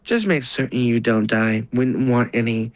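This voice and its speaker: A man's voice: medium pitch, normal speed, no room sound, close to an everyday voice, rough recording. A man voicing Tiana, a haughty sorcerer woman. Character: stern haughty female sorcerer aide.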